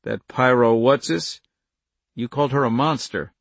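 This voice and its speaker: A man doing a flat-spoken gruff farmer. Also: mid-range voice, unhurried, no echo. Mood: firm. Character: gruff, steady middle-aged farmer.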